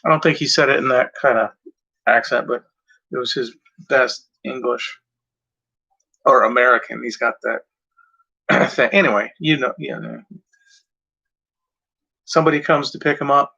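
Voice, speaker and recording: Male host talking to camera off the cuff, with halting, rambling delivery, a tense bright tone and muffled lo-fi sound. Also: mid-range voice, vocal fry, husky. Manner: rambling, hesitant, with many fillers and self-corrections. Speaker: video host. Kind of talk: casual talk to camera. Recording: dull lo-fi sound.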